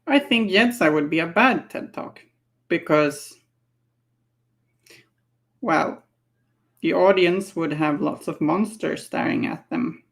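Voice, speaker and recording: A woman talks unhurriedly while she paints miniatures, in a relaxed, casual chat. Her voice has a gravelly edge of vocal fry, and she laughs easily and thinks out loud. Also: lowish voice, slow, pauses often. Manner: chatty, laughing, musing aloud.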